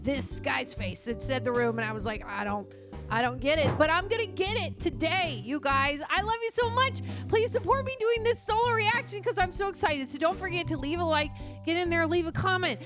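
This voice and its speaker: A woman hosting a casual movie reaction, chatty, bubbly and excitable. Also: extremely high pitch, fairly quick, over music. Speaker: host.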